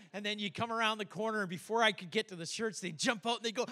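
An older man preaching a sermon as pastor, telling stories in an animated way and acting out the voices of the people in them. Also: sits high, very fast, hardly any pauses.

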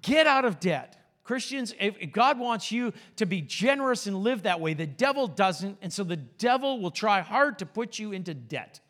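A man's voice: high voice, animated, normal speed, hardly any pauses, fairly bright tone. A man preaching a conversational sermon in a church, mixing plain talk with anecdotes. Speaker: pastor.

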